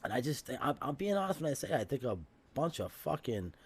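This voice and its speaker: A man's voice: mid-range voice, big pitch swings, a little fast, a little mellow, slightly rough. A middle-aged man with a thick Brooklyn accent, a podcast guest chatting bluntly and swearing freely. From Brooklyn, New York. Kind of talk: casual podcast chat.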